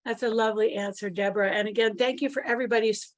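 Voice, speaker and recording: A woman's voice: medium pitch, steady tone, fast talker, dry recording. A woman hosting a live webinar, reading out audience questions in an upbeat, encouraging way. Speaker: webinar host. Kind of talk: moderating live Q&A.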